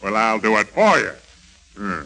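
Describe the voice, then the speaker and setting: An actor playing a tough, domineering smuggler boss in a 1940s radio drama. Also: male voice, on the low side, sing-song, moderate pace, pushed and bright, full character voice, low-quality recording. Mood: menacing. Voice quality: gravelly and domineering. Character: tough, menacing adult male smuggler boss.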